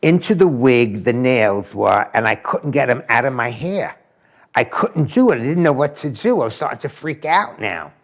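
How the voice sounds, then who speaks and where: Gravelly, animated male storyteller. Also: mid-range voice, normal speed. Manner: acts out the voices in his story. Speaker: interviewee. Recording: music bed behind voice.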